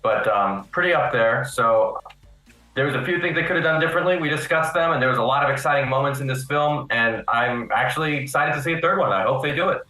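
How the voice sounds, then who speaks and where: A man chatting as a guest on a live panel stream, laying out his points calmly. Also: mid-range voice, quick pace, echoey room, soft background music, rough recording. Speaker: guest YouTuber. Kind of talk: casual panel chat.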